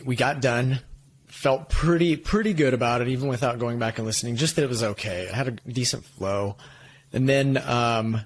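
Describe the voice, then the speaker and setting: A man co-hosting a design podcast in casual chat, upbeat and quick to laugh, with a slightly nasal tone. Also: medium pitch, a little hiss or hum. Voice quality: nasally when recorded, by his own account. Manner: upbeat, laughs often, talks in quick bursts. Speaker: podcast co-host.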